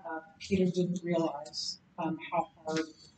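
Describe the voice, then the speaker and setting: A woman teaching a Bible class in a conversational lecture style, chatty and animated, with many fillers and restarts. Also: low voice, measured pace, recorded from a distance. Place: church classroom. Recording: roomy echo with faint background hiss.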